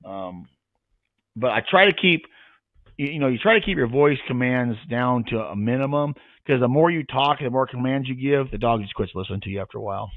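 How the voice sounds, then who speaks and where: Plain-spoken dog trainer on a tinny line. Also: male voice, mid-range voice, brisk, dry recording. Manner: plain-spoken, demonstrates commands aloud. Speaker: retriever trainer. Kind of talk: casual podcast Q&A. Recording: tinny phone-like sound.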